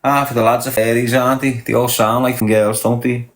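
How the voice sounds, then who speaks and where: A man from Liverpool, England, hosts a livestream in an echoey room, reading chat and teasing viewers with crude banter in a Scouse accent. He talks briskly in a mid-range voice with flat delivery.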